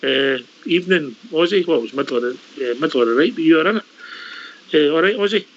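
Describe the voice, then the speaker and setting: A Scottish man with a slightly high, expressive voice hosts a casual online call-in chat, talking fast and loosely, using words like aye and wee. The audio sounds a bit dull, like an online call, with slight background noise.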